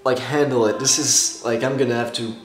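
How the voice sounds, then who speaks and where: A gushing, excitable man chats to his viewers, tired after a night awake and stumbling over his words. His voice sits mid-range and rings around a roomy space. Soft music plays faintly behind him. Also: mid-range voice, fairly quick. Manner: gushing and excitable, with nervous laughs and restarts. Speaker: YouTuber reacting to a film marathon. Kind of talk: casual emotional reaction vlog.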